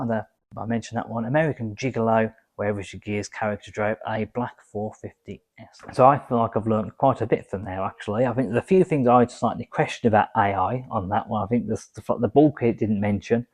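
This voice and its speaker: A man's voice: on the low side, fairly quick. A man hosting his own car vlog, reading quiz answers aloud and chatting between them with casual asides. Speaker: car vlogger.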